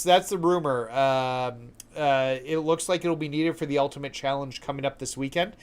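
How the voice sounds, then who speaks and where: A man from Canada chats his way through a live game stream at an ordinary, middle pitch. He talks casually and easygoing, stopping now and then to answer viewers in the chat. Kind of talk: live gameplay commentary.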